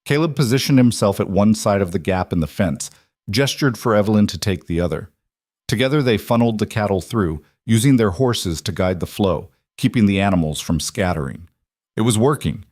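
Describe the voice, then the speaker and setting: A man narrating a western story in a measured, dramatic storytelling manner. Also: lowish voice, animated, a little mellow, no room sound, clean studio sound. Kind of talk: scripted audiobook narration.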